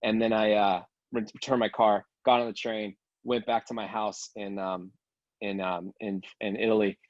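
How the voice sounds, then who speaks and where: A man's voice: on the low side, little pitch movement, moderate pace, dry recording, dull audio. A man casually telling a long travel story on a video call, rambling with many fillers and restarts. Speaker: game participant sharing a travel story.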